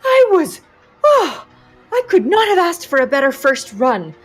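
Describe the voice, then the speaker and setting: A woman's voice: sits high, wildly swooping pitch, a little slow, soft background music, pitched above the performer's own voice, exaggerated voice. A woman voicing a female squadron commander in a tabletop game, who gushes breathlessly over her pilots. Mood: elated. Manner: breathless, effusive, stammering.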